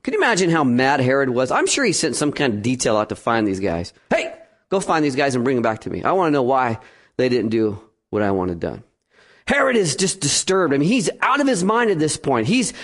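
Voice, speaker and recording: A fairly high-pitched man preaches a sermon as pastor, telling a story and acting out its quotes with animation.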